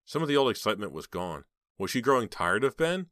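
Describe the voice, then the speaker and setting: A man narrating an audiobook in a steady, measured storytelling manner. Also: lowish voice, no echo.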